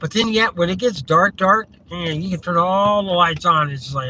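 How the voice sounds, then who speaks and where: A man's voice: high-pitched, normal speed, few pauses, bright, forceful tone, poor audio. A man hosting a live driving vlog, rambling and chuckling as he thinks aloud from inside a moving car. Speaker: vlog host. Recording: road noise from a car.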